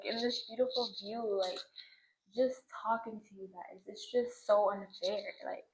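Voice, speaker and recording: Outdoors at a scenic sunset view, a young woman vlogger delivers a casual spiritual monologue to the camera in front of her, reflective and emotional and full of "like" fillers. Her voice is mid-range. The recording is low quality, with slight background noise.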